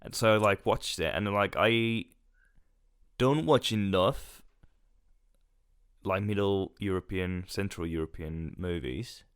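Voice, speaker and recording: A young man co-hosting a casual podcast chat, speaking in a slightly low voice. He jokes, giggles often and trails off into restarts. The sound is dry and close to the mic. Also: slow, clean tone, no echo. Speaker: podcast co-host.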